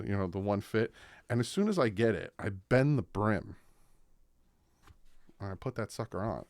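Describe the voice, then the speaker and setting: A young adult man hosting a casual sports reaction, telling the story in an animated way and acting out what people said. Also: fairly low pitch, dry recording, studio quality. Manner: animated storytelling, acts out quotes.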